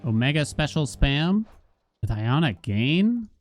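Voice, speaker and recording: With a fairly high, sing-song voice, a man talks slowly over faint background music. He streams a video game, chatting casually and telling stories with quotes he acts out.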